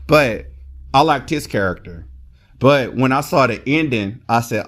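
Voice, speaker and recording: Excitable, rambling man reviewing a movie. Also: mid-range voice, unhurried. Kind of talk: casual chat.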